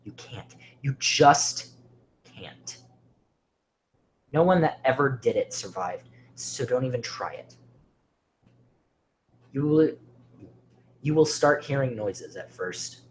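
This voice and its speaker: A man narrating a creepy horror story with dramatic delivery, often sinking to a hushed near-whisper. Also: on the low side, a little hiss or hum.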